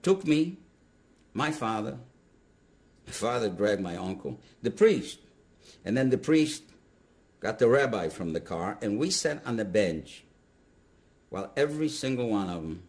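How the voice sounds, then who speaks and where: An older man tells his wartime memories to an interviewer, leaning hard on key words. His voice sits low but swings widely in pitch as he speaks. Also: measured pace, long pauses. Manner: emphatic, animated storytelling with sudden stresses. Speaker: Holocaust survivor giving testimony. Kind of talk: recounting personal memories to an interviewer.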